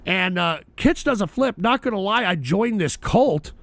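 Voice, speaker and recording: A man's voice: high voice, lively intonation, moderate pace, creaky, a bit bright, no echo. A man hosting a live-streamed talk show, reading out odd news stories with brash, profane, mocking commentary. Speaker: political talk show host.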